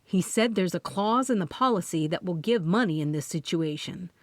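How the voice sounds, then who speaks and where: A woman's voice: on the low side, lively intonation, normal speed, no echo. A woman voicing an upset, defensive man who groans over money, in an audiobook.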